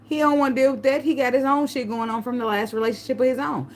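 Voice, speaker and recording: A woman tarot reader giving casual spiritual advice, telling a personal story and breaking into a high pleading voice to act out begging. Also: fast, slight background noise. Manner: animated storytelling, acts out begging in a high pleading voice, laughs often.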